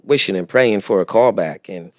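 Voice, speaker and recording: A man, an actor guest telling animated stories in a casual interview chat. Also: deep voice, normal speed, dry recording, clean studio sound. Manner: animated storyteller, acts out other voices with laughter.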